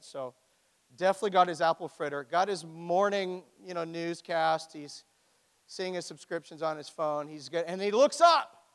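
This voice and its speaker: Male preacher, high voice, animated storytelling, long hall reverb. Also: clear, resonant tone. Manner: animated storytelling, acting out quotes. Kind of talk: sermon.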